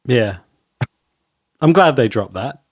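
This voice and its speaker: A man co-hosting a podcast in casual chat, rambling and pausing on many ums. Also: medium pitch, lively intonation, no echo, studio quality. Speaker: podcast co-host.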